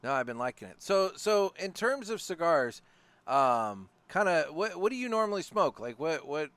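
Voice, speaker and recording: A man co-hosts a podcast in a relaxed, rambling style. His pitch rises and falls a great deal, and his voice sounds close and dry in a studio with no echo. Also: normal speed. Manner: relaxed, rambling, with filler and restarts. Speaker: podcast co-host. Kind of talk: casual podcast chat. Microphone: studio podcast mic.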